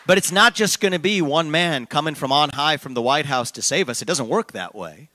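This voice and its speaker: A man's voice: fairly high pitch, animated, brisk, sharp tone. A man hosting a town hall meeting, answering questions fluently with jokey asides and a rallying close. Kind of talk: public town hall remarks.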